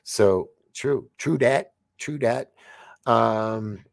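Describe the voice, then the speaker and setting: A man in his forties hosting a late-night livestream, rambling excitably with stammering restarts as he reads viewer comments aloud. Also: mid-range voice, extremely slow, gravelly, dry recording, studio quality. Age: 40s. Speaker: livestream host.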